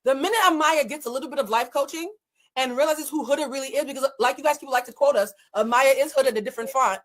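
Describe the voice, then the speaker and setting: A woman life coach talks quickly and emphatically, her voice sitting a little high. She gives blunt, animated commentary in a relaxed chat setting.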